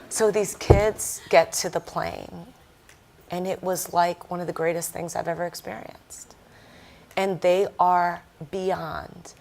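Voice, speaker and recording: Animated woman telling a story. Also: lowish voice, slight background noise. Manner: animated, acts out quoted voices. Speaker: panel guest speaker. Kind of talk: storytelling on a panel.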